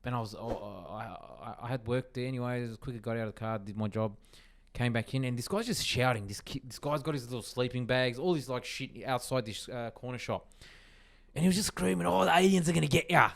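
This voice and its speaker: An Australian man on a podcast telling a long, rambling anecdote, animated and sweary, with lots of restarts. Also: mid-range voice, a little fast. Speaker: podcast co-host. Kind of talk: casual chat.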